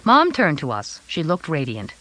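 A woman's voice: low voice, wildly swooping pitch, normal speed, a bit bright, low-quality recording. A woman narrating a children's chapter book in first person, reading aloud expressively. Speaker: audiobook narrator.

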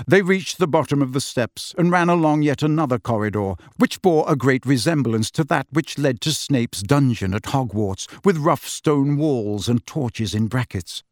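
Expressive male audiobook narrator. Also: mid-range voice, normal speed, few pauses, no room sound, studio quality. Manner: expressive storytelling. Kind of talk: scripted narration.

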